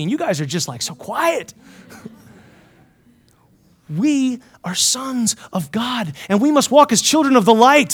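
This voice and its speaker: A man preaching a sermon at a Bible college, emphatic and full of questions to his listeners, swinging between loud and hushed lines. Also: high voice. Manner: asks the listeners many questions.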